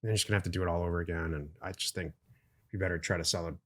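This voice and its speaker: This is a middle-aged man co-hosting a relaxed business podcast. His voice sits low, and he explains things in plain terms. He gives his opinions bluntly and without softening them. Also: very fast. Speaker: podcast co-host. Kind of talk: casual business podcast chat.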